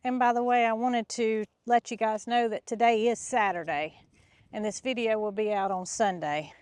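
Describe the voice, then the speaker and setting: A woman in middle age talks to her viewers as she walks outdoors with a cow, excited and slightly winded. Her voice sits fairly high, and the sound is close and dry. She rambles casually and eagerly. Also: moderate pace, clear, resonant tone, no room sound. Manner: chatty and excitable, talking to viewers. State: slightly out of breath. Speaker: farm vlogger. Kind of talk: casual vlog narration. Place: outdoors in a pasture.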